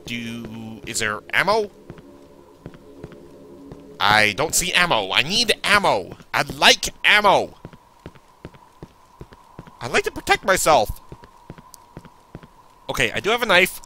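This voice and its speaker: A man giving chatty gameplay commentary, joking back at the game and yelling in panicked bursts when he is attacked. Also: high voice, big pitch swings, measured pace, long pauses, slight background noise. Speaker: let's play gamer.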